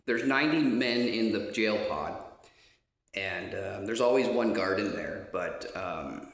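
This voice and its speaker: A man spins a loose, casual anecdote in a lowish voice, wandering through fillers and restarts and swearing without a second thought. The sound bounces around a roomy space, giving it a hollow echo. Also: lively intonation, measured pace, a bit bright. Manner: rambling, many fillers and restarts, swears freely. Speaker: storyteller.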